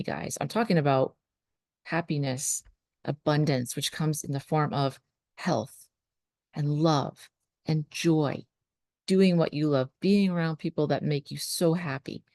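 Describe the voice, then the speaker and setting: A woman's voice: deep voice, warm tone, dry recording, clean studio sound. A woman, a spiritual life coach, talking earnestly to her viewers about trust and surrender. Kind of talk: motivational talk to camera.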